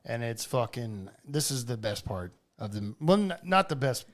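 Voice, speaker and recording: A man co-hosting a casual podcast, excitedly recapping a movie with swearing and quoted lines. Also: mid-range voice, moderate pace. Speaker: podcast co-host. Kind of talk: casual chat.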